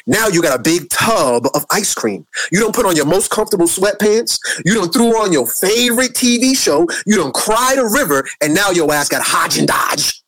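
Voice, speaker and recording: A man's voice: high voice, lively intonation, normal speed, hardly any pauses, a bit bright, dry recording. A man ranting on a live social media video, preachy and rambling, who keeps calling his viewers family.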